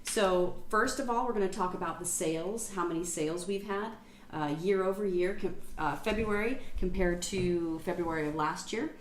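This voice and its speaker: A woman's voice: on the low side, moderate pace. A woman real estate broker giving a casual, upbeat market update, a self-described goofball who explains figures plainly. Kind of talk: market update video talk. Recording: roomy echo, faint background hum.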